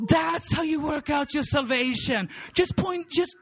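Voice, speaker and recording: A man with a very high voice preaches with bursting enthusiasm. He laughs often, stumbles over repeated words and rises into shouts when he gets excited. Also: measured pace. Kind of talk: sermon.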